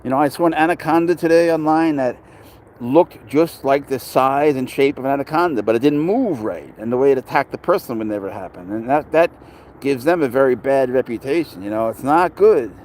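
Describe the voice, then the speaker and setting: Speaking a little fast in a medium-pitched, darkish voice, a middle-aged man from New York rambles through casual chat. He's a pet owner vlogger at a city dog park, talking to passers-by and his chat, with a little hiss or hum audible.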